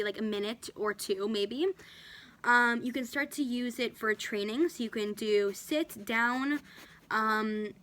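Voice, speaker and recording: This woman's slightly high voice comes across pushed and bright. She's at home indoors, casually teaching her dog, narrating each step and chatting to the animal as she goes.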